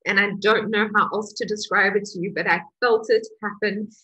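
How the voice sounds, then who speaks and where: Husky-voiced woman telling her story. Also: mid-range voice, fairly quick, poor audio. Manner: emotional, animated retelling with laughs. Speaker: healing course teacher. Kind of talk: personal storytelling talk.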